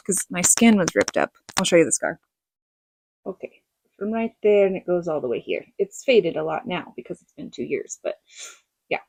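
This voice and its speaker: A middle-aged woman telling a personal story in a casual vlog, animated and laughing, acting out what others said. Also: lowish voice, normal speed, a little hiss or hum. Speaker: vlogger.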